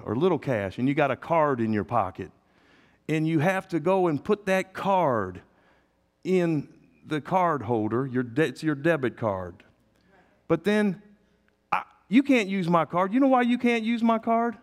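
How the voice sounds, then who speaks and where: A middle-aged man preaching a sermon as pastor, calling out to his congregation, dropping to quiet asides and rising to loud emphatic peaks. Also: sits high, long reverb tail.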